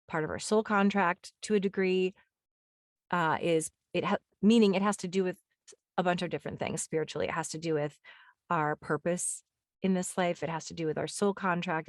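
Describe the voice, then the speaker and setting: A woman with a lowish voice hosts a spiritual podcast, recorded in studio quality with no room sound. She talks casually and enthusiastically, rambling and leaning heavily on "like" and "um", with frequent restarts.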